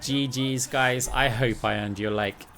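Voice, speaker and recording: A man from the UK, a gaming YouTuber, giving quick, excited play-by-play of his own match with asides to viewers. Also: mid-range voice, a little hiss or hum. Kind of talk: gameplay commentary. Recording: clear game music underneath.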